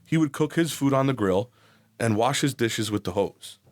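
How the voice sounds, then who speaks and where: A man's voice: medium pitch, expressive, normal speed. A man in his forties from New Jersey, a podcast guest telling his life story candidly, blunt and profane. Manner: blunt, profane, acts out quoted voices.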